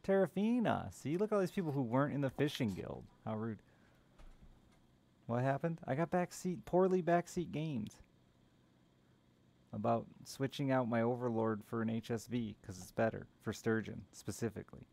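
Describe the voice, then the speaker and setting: A man's voice: mid-range voice, brisk, creaky, a little mellow. A man streaming a game live, chatting casually with viewers in a sardonic, teasing way and swearing freely. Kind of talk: casual gaming stream chat.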